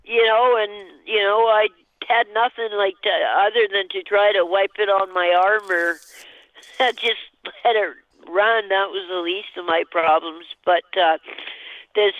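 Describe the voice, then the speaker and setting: A woman calling in to a show, telling a personal story in a halting, rambling way with nervous laughs. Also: mid-range voice, fairly even intonation, no room sound. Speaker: caller. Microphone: telephone. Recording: tinny phone line.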